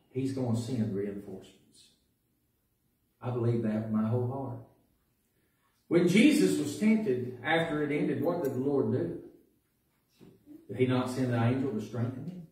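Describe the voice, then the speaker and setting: A man preaching a sermon as pastor, telling folksy stories that build to loud preaching. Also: mid-range voice. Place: church sanctuary. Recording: echoey church recording from a distance.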